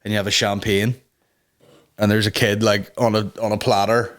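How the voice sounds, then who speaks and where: A man's voice: lowish voice, little pitch movement, moderate pace, fairly bright tone. A young man hosting a comedy podcast, crude and sarcastic, swearing often as he rants and mocks people in put-on voices. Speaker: podcast host.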